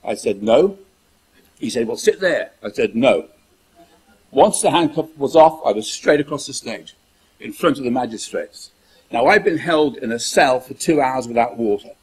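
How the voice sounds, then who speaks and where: A man's voice: mid-range voice, animated, moderate pace, slightly rough, rough recording. A man from the United Kingdom talking in an emphatic monologue, repeating phrases and acting out the dialogue of his story. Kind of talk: monologue telling a personal story.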